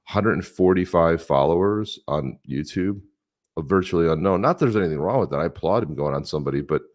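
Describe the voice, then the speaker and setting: A man's voice: deep voice, lively intonation, a little fast. A man co-hosting a casual crypto podcast, joking and sarcastic as he reads posts aloud. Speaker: podcast co-host. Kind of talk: casual chat.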